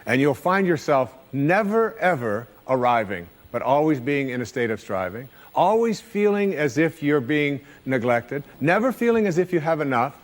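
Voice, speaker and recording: A man delivers an inspirational lecture with an animated, rising-and-falling voice, often repeating his phrases for emphasis. His pitch sits a little high for a man. The recording carries a long, ringing reverb. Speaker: self-help speaker.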